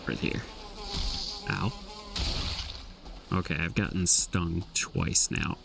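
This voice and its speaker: A man giving casual, relaxed commentary on his own gameplay, thinking aloud and trailing off mid-thought. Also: low-pitched, slow pace, gravelly, far from the mic, background noise. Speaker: gameplay streamer.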